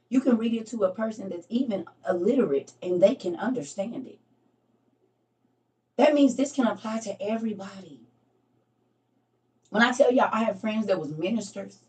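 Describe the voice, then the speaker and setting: Middle-aged lady doing a laid-back bible chat on a live stream, laughs a lot, kinda far from the mic. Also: mid-range voice. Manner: chatty, laughs often, teasing and preachy. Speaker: livestream host. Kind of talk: casual Bible study chat. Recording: voice from a distance from the mic.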